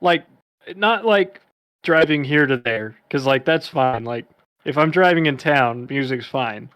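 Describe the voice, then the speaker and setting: A man's voice: mid-range voice, lively intonation, unhurried, a bit bright, smooth, dry recording. A man co-hosting a podcast in casual chat, rambling with lots of fillers. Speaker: podcast co-host.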